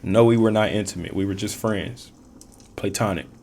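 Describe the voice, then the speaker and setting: A man's voice: fairly low pitch, steady tone, normal speed, darkish tone, a little hiss or hum. A man giving a casual tarot reading, rambling and repeating himself, in loose, profane street slang with frequent laughs. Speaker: tarot reader.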